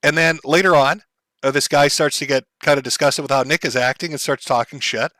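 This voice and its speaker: Bright-voiced man giving calm commentary. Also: on the high side, no room sound. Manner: calm, measured, many fillers. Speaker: commentary streamer. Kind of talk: explanatory stream commentary.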